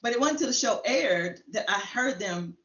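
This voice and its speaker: A woman guest in a casual chat, talking fast and animatedly as she tells a story. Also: a little high, expressive, a bit bright. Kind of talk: casual chat, telling an anecdote. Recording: roomy, slightly dull sound.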